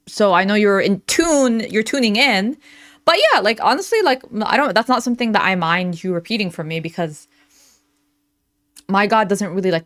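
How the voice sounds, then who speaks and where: A woman's voice: mid-range voice, a bit bright. Blunt, sarcastic woman doing reaction commentary.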